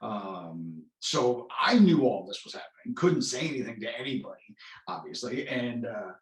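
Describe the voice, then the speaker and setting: A man's voice: mid-range voice, very animated, normal speed. A man, an actor being interviewed, talks in a casual, rambling way with many restarts and self-corrections. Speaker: actor guest. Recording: roomy echo.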